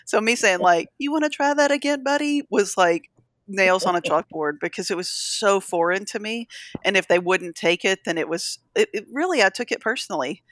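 A woman's voice: lowish voice, normal speed, fairly bright tone, no room sound, clean studio sound. A middle-aged woman talking candidly and emotionally in a casual conversation, encouraging her listeners. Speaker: podcast co-host.

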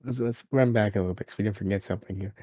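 A lower-pitched man with a dark, mellow tone talks through a wrestling episode in a loose, chatty podcast style. He recaps events at length and slips into quoted lines as he goes. The sound is dry and close. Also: very fast, husky, dry recording. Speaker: podcast co-host. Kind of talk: casual wrestling review chat.

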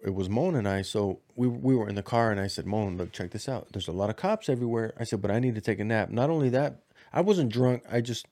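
A man's voice: on the low side, quick pace, warm tone. A man chatting casually on a podcast, telling a long story full of slang, swearing and restarts. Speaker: podcast co-host.

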